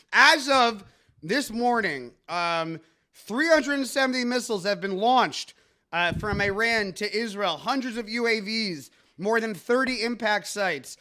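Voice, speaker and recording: A man's voice: high-pitched, bright, forceful tone. A man hosting a comedic news podcast, rambling and joking with many fillers and restarts. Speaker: podcast host.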